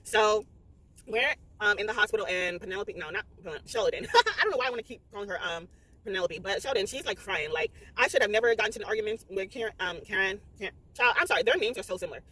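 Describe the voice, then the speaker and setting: A woman rattles through a spoiler book review at a quick clip, her voice slightly husky and breathy. She is blunt and profane, and she keeps acting out her own reactions in sudden high exclaims. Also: lively intonation, pushed and bright. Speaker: book vlogger.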